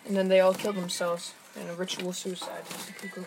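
A young woman joking through goofy improvised chat with friends in a drawling, deadpan way. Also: on the low side, brisk, gravelly, noisy background.

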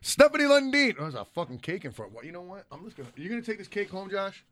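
Bright-voiced, jokey man podcasting. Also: sits high, very animated, quick pace. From United States. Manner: profane, jokey, laughs often. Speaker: podcast co-host. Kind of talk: casual podcast banter, reading listener messages.

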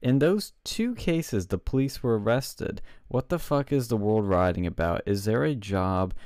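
A man's voice: fairly low pitch, lively intonation, unhurried, a little mellow, no echo, studio quality. A man co-hosting a casual podcast, sarcastic and profane. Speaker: podcast co-host. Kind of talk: casual chat.

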